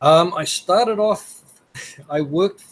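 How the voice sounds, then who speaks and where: A man's voice: sits high, drawn-out words, poor audio. Laid-back man from New Zealand. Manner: rambling, laughs while telling stories. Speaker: guest. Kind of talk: casual storytelling interview.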